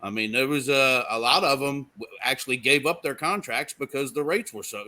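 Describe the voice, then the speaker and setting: A man's voice: mid-range voice, brisk, sharp tone. A man speaking on a casual trucking talk show, emphatic and loose, using "you know" often.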